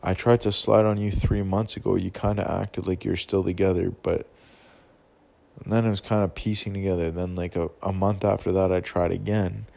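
A man's voice: low voice, flat delivery, normal speed, gravelly, warm tone. A young man telling a long personal story as a casual rant, rambling, swearing constantly and full of slang.

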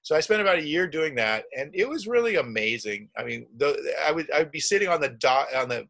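A man's voice: fairly high pitch, expressive, a little fast, gravelly, fairly bright tone. A middle-aged man telling a long travel story in a rambling way, with many restarts and acted-out quotes. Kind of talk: casual storytelling.

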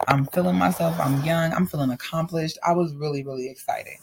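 A man with a somewhat high voice tells a personal story in a casual vlog. He is candid and animated and speaks straight to his viewers. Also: brisk, creaky, noisy background. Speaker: vlogger telling a personal story.

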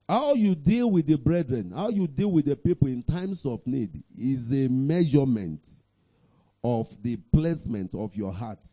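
A middle-aged man preaching a sermon, reading scripture slowly and emphatically with bursts of shouting. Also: mid-range voice.

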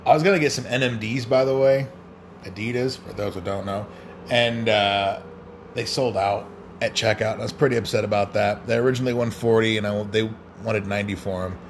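A man's voice: fairly low pitch, fairly even intonation, brisk, slight background noise. A man hosting a casual solo podcast, rambling and swearing freely in a loose, crude way. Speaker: podcast host.

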